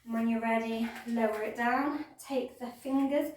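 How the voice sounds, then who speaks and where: A woman teaching a yoga class, giving gentle, playful step-by-step cues. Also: on the high side, fairly even intonation, moderate pace, far from the mic, a little hiss or hum. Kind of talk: guided yoga class instruction. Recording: echoey room, voice from off mic.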